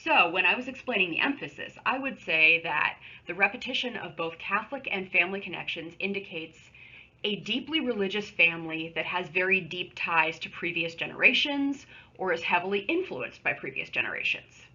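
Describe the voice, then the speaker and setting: Woman teacher with a bright, husky voice. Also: on the low side, lively intonation, a little fast, dull audio. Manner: conversational, explains patiently with asides. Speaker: high school English teacher. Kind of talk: recorded remote lesson with screen share.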